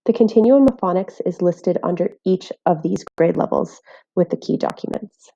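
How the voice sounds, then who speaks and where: Woman, phonics teacher, very mellow voice, careful and clear, dull lo-fi recording. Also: on the low side, moderate pace. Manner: clear, careful, sounding out letters. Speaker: literacy teacher. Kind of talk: scripted instructional voice-over.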